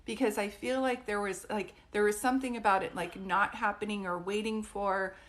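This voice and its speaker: A woman's voice: medium pitch, fairly even intonation, moderate pace. Woman giving a live-stream psychic reading. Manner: warm, reassuring, frequently checks in with "do you know what I mean?".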